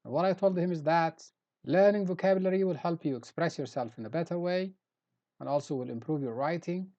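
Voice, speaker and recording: This pronunciation lesson comes from a middle-aged man with a mellow, fairly high voice and a brisk pace. He carefully repeats English vocabulary words to show where the stress falls, and the recording sounds dull and lo-fi.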